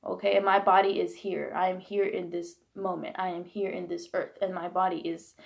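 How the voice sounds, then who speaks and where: A woman's voice: fairly low pitch, flat delivery, normal speed, gravelly. A young woman in her twenties venting bluntly and heatedly about her upbringing, swearing freely in a candid vlog. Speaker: vlogger. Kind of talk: candid personal rant.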